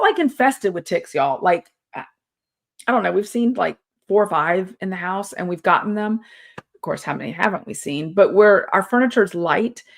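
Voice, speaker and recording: A woman's voice: lowish voice, gravelly. A middle-aged woman, chatting casually as host and telling a long story with many fillers and restarts. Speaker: yarn studio owner and vlog host.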